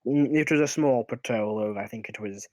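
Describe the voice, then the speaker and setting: A man acting as dungeon master in a tabletop game, speaking for characters in his own halting voice. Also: medium pitch, darkish tone, no echo, muffled recording.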